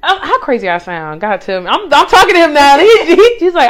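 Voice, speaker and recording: A young woman hosting a casual faith chat, animated and preachy, who drops into quiet asides. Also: high-pitched, fairly quick. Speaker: podcast host.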